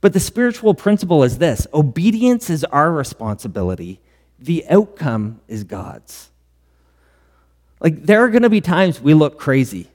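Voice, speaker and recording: A man's voice: on the high side, big pitch swings, moderate pace, darkish tone. Male pastor, middle-aged, earnest sermon storyteller, long hall reverb. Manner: earnest storytelling with quoted dialogue.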